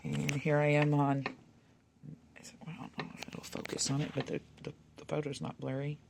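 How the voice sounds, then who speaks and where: A woman, chatting casually while leafing through old photos, rambling and muttering soft asides. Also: deep voice, flat delivery, normal speed, creaky, noisy background. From Texas. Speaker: vlogger. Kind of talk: casual reminiscing over a photo album.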